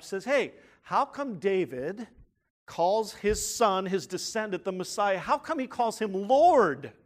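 A man preaching a sermon as pastor, animated, with rising bursts when he acts out a crowd. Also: fairly high pitch.

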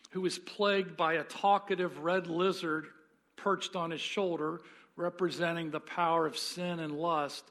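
A pastor with a fairly high voice preaching a sermon. He tells the story earnestly and leans into dramatic pauses. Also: fairly bright tone.

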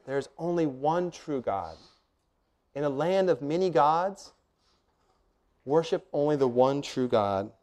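Slightly high and darkish in tone, a middle-aged man preaches a sermon as pastor. His manner is earnest and emphatic, built on rhetorical questions and numbered points.

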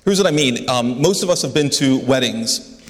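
Animated and earnest, a pastor preaches at normal speed in a medium-pitched, slightly bright voice, frequently repeating words as he stresses a point. The setting is a large building, and the recording has the long reverb of a large hall.

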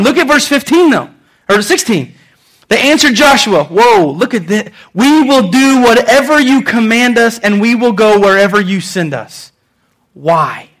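High-voiced preaching man, animated. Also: normal speed. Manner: animated preaching with swings between loud and soft; repeats phrases and restarts for emphasis. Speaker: pastor. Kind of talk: sermon.

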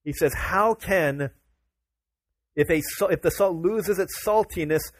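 A man's voice: high-pitched, measured pace, no echo. A man preaching a sermon to his congregation, casual and chatty, rising to emphatic declarations. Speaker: pastor.

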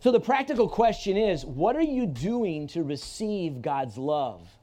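A man preaching at a church service with a mellow, rather high voice. He talks to the congregation plainly and conversationally, restarting his sentences and repeating key lines for emphasis. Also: very animated, measured pace. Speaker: pastor. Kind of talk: sermon.

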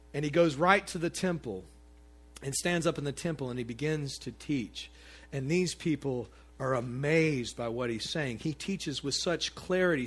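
A man preaching a sermon to his congregation in a conversational, animated way, with asides to the listeners. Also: on the high side. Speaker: pastor.

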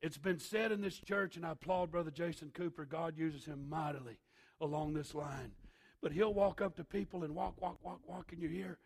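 A male pastor preaching a sermon, emphatic, swinging from shouted lines to hushed asides. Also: on the high side, fairly even intonation, normal speed, breathy edge.

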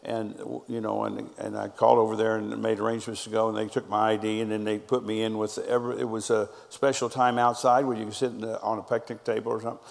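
A man's voice: fairly low pitch, flat delivery, quick pace, gravelly, few pauses, long reverb tail. A middle-aged man, a pastor preaching a sermon and telling stories, quoting people's words back and forth. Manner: storytelling preacher, quoting others in conversation.

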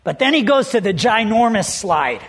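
A man's voice: high voice, very animated, normal speed, a bit bright, slightly rough. A man preaching a sermon as pastor, telling stories in an earnest, conversational way.

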